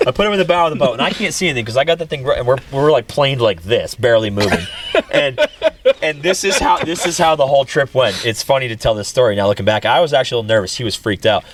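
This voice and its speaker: A man's voice: medium pitch, animated, fast talker, background noise. A man, telling a story in a casual talk show and laughing as he goes. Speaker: podcast host.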